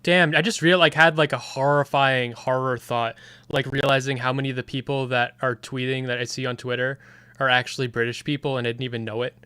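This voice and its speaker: A man's voice: mid-range voice, little pitch movement, brisk, bright, forceful tone, clean tone, no echo. A man in casual group chat, rambling with many restarts and fillers. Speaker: podcast guest.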